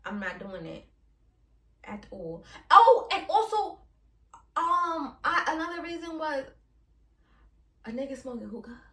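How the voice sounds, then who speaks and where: Young brooklyn girl w a new york accent, high sassy voice, talking a bit away from the mic in an echoey room. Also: measured pace, pauses often, recorded from a distance. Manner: blunt, sassy, laughs often, swoops up when excited. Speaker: podcast host. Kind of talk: casual solo podcast chat. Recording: roomy sound, a bit off the mic.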